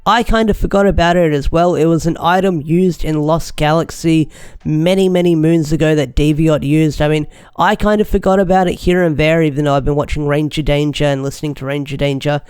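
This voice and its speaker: A young man talks through a casual video review with lots of enthusiasm, looping back and restarting his sentences. His voice sits a little high and comes through smooth and clear. The recording is dry and close. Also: steady tone, fairly quick, darkish tone, no echo. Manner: chatty, enthusiastic, rambling with restarts. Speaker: show reviewer.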